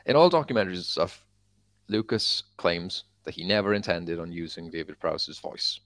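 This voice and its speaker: Low-voiced man telling stories, dry. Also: moderate pace, no room sound. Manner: animated storyteller, many fillers, acts out quotes. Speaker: podcast co-host. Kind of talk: casual chat.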